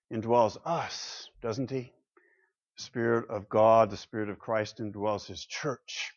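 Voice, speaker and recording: A man preaching a sermon to his congregation, asking rhetorical questions and swinging from loud declarations to hushed asides. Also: mid-range voice. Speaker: pastor. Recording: muffled lo-fi sound.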